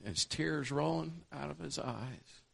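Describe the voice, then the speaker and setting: A man's voice: fairly high pitch, slow, gravelly, husky. A male preacher delivering a sermon, telling a conversion story and building to an impassioned altar call.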